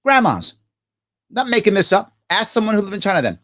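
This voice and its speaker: A man's voice: sits high, racing, a bit bright. A middle-aged man hosting a live question-and-answer stream, reading viewer questions aloud and answering them with passion. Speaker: host. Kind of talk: live Q&A livestream.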